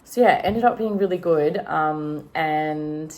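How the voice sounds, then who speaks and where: Low, gravelly Australian woman chatting. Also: moderate pace, a little mellow, slight background noise. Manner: chatty, rambling storyteller, lots of fillers. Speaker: vlogger. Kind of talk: casual chat vlog. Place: at home.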